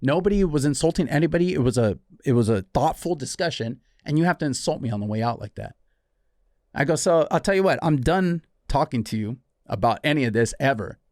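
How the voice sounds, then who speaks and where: A man's voice: mid-range voice, fairly quick, dry recording, studio quality. A man in his forties, a podcast co-host, telling a story in casual chat and acting out the exchanges with "dude" and "right?". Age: 40s. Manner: animated, acts out quoted exchanges, frequent "dude" and "right?". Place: podcast studio.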